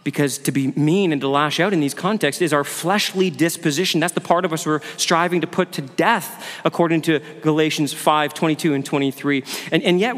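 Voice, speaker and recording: A man's voice: sits high, fairly bright tone. A male pastor giving an earnest sermon, asking his listeners questions and often repeating words as he goes. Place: church sanctuary. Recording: long hall reverb.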